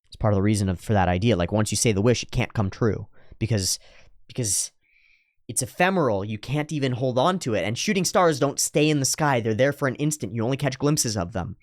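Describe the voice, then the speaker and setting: A man's voice: mid-range voice, a little fast, dry recording, studio quality. A man hosting a reaction video, analyzing an anime scene and paraphrasing its dialogue with rhetorical asides.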